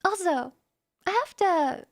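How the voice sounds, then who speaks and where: A young woman streamer with a high, light voice chats casually with her audience, taking her time. She teases her viewers wryly, breaking into laughs and restarting her sentences. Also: expressive, slow pace. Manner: wry, teasing, with laughs and restarts. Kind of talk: casual live stream chat.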